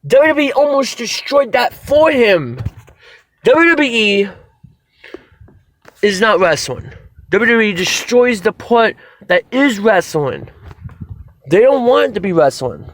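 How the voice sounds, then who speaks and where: A man reviewing a wrestling show in a casual video, excitable and rambling, swearing freely as he goes. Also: high voice, slow, pauses often, slight background noise.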